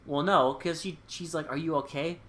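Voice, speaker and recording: A man co-hosting a podcast, retelling a film's plot in casual, profane chat with quick quoted lines. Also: on the high side, fairly even intonation, fairly bright tone. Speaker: podcast co-host. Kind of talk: casual movie recap chat.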